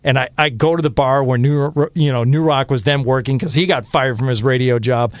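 A man's voice: medium pitch, a little fast, no room sound, clean studio sound. A man in his fifties from Michigan, a radio host telling stories in a rambling way with many fillers. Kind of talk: casual podcast interview.

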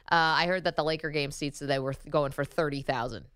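A woman co-hosting a casual sports talk show, chatty and animated. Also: low voice, clean tone, no echo. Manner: chatty and animated, quick to laugh.

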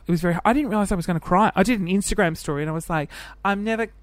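Racing along in a voice that sits high, a young Australian podcast host in his twenties jumps from one topic to the next. The recording has no echo, and he keeps things chatty and self-deprecating on his casual solo show.

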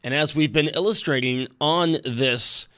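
A man's voice: a little high, pushed and bright, no room sound, clean studio sound. A man hosting a talk radio show, introducing and questioning a guest in a conversational way. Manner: conversational, with some filler pauses.

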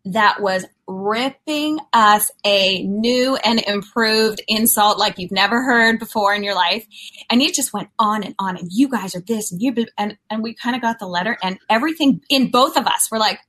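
Relaxed middle-aged woman telling a story. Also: mid-range voice, moderate pace. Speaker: co-host. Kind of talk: faith talk show storytelling.

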